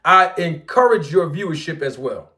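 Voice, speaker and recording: High-voiced playful boxing commentator man. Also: normal speed. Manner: playful, teasing, animated storytelling with sudden loud and soft swings. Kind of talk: casual commentary to viewers.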